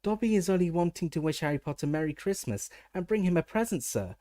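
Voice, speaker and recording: A squeaky, anxious little house-elf, eager and servile, speaks in a high, fluttering voice, as a man narrator puts him on. The sound is dry and close, with nothing around it. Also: lively intonation, quick pace, dark tone, dry recording, close to an everyday voice.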